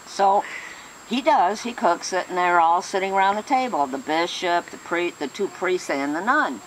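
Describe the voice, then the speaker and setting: A woman casually telling a joke, animated and correcting herself as she goes. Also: fairly low pitch, normal speed, a little hiss or hum, rough recording. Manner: animated storyteller, self-correcting. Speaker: joke teller.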